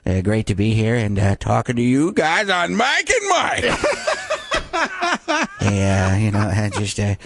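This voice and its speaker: A man's voice: mid-range voice, huge pitch swings, takes it slowly, long pauses, very noisy, heavily acted. A man impersonating a goofy, mumbling middle-aged comedic actor who stalls with lots of "uh"s. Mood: goofy, mumbly. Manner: mumbling, hesitant, full of "uh"s.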